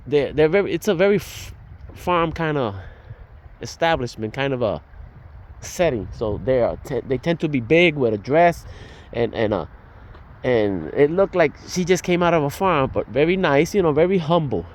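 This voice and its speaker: A man's voice: on the high side, lively intonation, normal speed. Older man rambling through a testimony. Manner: rambling, with restarts and fillers; reenacts dialogue as he tells it. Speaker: storyteller. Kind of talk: casual spoken testimony.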